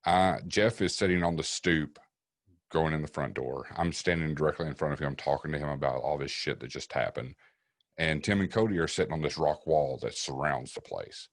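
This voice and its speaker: This is a man with an extremely deep voice, telling a story on a podcast in a relaxed, profane way. He acts out what the other people said as he goes. He sits close to a dry mic with no room sound. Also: brisk, dry recording. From East Tennessee. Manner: profane, vivid storyteller acting out quotes. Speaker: paranormal investigator guest.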